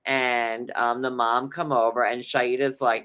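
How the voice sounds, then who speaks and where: Male co-host with a bright tone, animated, recapping reality TV casually. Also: medium pitch, measured pace, clean tone. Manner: animated, slips into playful impressions.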